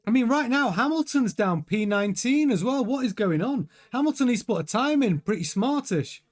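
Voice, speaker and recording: A man hosting a live race watchalong, chatting excitably over the timings with frequent stumbling restarts. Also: very high-pitched, fairly quick. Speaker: host.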